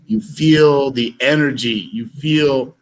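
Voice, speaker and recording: A man's voice: medium pitch, steady tone, takes it slowly, a little hiss or hum, rough recording. A man telling stories in an interview, rambling with fillers and restarts. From United States. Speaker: actor and musician guest. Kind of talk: animated storytelling in an interview.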